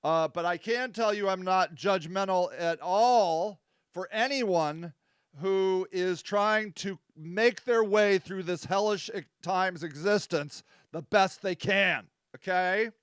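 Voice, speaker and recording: Male host, casual stream talk, rambling and self-mocking, high clear voice, dry sound. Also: takes it slowly, a bit bright, no room sound. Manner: rambling and self-deprecating, with many fillers. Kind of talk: casual live-stream talk reading viewer comments.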